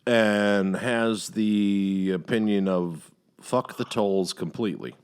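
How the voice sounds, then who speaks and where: A middle-aged man hosting a casual podcast chat, telling a long story with heavy profanity and animated outbursts. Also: fairly low pitch, takes it slowly, clean tone. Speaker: podcast host.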